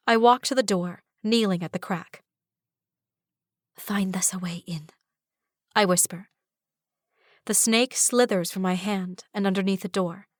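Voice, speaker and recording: A woman's voice: medium pitch, dry recording. A woman narrating a first-person fantasy audiobook in a dramatic way, recorded on a close studio microphone. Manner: dramatic, with rising cries in dialogue.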